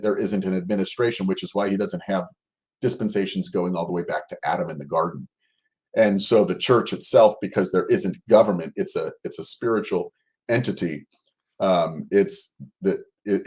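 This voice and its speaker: A male scholar explains his subject in an interview with a fairly low voice. He speaks in a halting, thinking-aloud way, often breaking off and restarting a sentence before carrying his point through. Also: a little mellow. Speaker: guest scholar. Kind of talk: conversational explanation.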